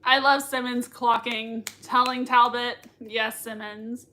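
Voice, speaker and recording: A woman hosting a live reaction stream from home, her voice sharp, bright and pitched a little high. She gushes over what she watches and breaks into laughter often. She reads viewer comments aloud in a quick, excitable chat. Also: a little hiss or hum. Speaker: livestream reaction host.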